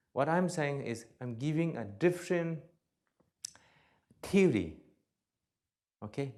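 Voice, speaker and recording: This man speaks in a mid-range voice while delivering a dharma talk as a Buddhist teacher. His grammar is broken and his manner blunt and humorous, moving between loud, emphatic moments and quiet asides.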